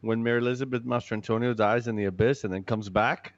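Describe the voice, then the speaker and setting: A man's voice: medium pitch, fairly even intonation, fast, muffled recording, a crowd in the background. A man, a filmmaker guest on a podcast, talking with enthusiastic, profane, gushing energy. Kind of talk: casual film chat.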